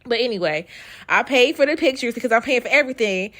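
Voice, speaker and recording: A woman's voice: on the high side, animated, fast talker, a bit bright. A woman hosting a casual travel vlog, chatty and teasing, recorded outdoors at a wildlife park on a handheld camera. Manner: chatty, joking, teasing banter. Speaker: travel vlogger.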